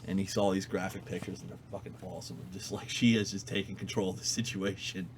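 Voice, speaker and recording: Low-voiced man recapping a comic. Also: quick pace, a little hiss or hum. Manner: animated retelling, fillers, quotes characters in his own voice. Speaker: podcast co-host reviewing comics. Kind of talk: casual recap of a comic story. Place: comic shop.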